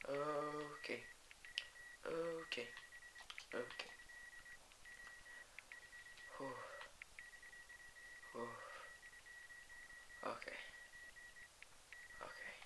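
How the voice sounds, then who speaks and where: A woman giving casual gameplay commentary, excitable, dropping to whispers, then yelping and swearing. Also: on the low side, takes it slowly, pauses often, noisy background. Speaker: let's play gamer.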